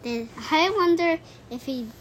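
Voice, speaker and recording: A woman's voice: extremely high pitch, animated, unhurried, slight background noise. A woman chatting during a read-aloud, curious and asking questions. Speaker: listener.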